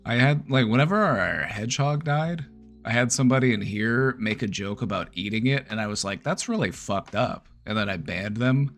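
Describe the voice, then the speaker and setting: Soft music plays behind a livestream host whose mid-range voice moves a little fast. He speaks to his chat bluntly and casually, cursing without restraint.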